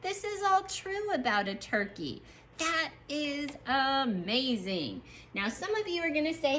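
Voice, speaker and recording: A woman teacher leading a young class through a writing lesson, sounding out letters slowly and praising the children as they work. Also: high-pitched, very animated, fairly bright tone, a little hiss or hum. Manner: slow, drawn-out letter sounds. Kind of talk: early-grade writing lesson.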